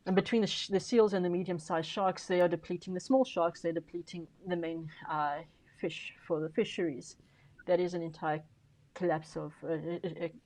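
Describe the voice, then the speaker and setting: A woman's voice: on the low side, a little mellow, rough recording. A woman speaking on a conference panel, making her case emphatically and persuasively, stressing key words and often restarting her sentences. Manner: frequent fillers and restarts.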